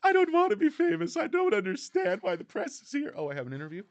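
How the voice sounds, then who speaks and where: A man doing a mocking falsetto impression of a fame-hungry female celebrity podcaster with an affected lilt. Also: wildly swooping pitch, quick pace, dry recording, exaggerated voice. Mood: flustered.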